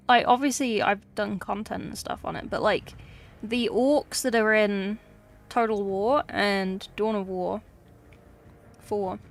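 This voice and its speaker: Casting: young woman from England, unhurried wry livestream banter, faint background music. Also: mid-range voice, fairly bright tone. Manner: chatty, wry, talks to chat while working. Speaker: streamer painting miniatures. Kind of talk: casual livestream chat.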